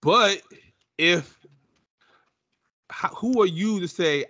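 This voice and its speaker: A man's voice: high-pitched, slow pace, pauses often, no echo. Teasing male podcast host. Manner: animated, teasing. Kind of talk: casual podcast banter.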